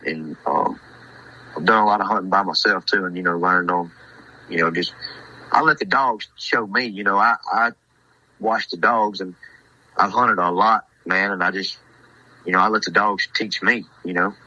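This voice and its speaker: A man in his twenties talks as a podcast guest, laid-back and hesitant and full of fillers. His tone is very bright and forward, and the recording is close and dry. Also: low-pitched, fairly even intonation, moderate pace, pauses often, dry recording, low-quality recording. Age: 20s. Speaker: hunting dog handler, guest. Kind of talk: casual podcast chat.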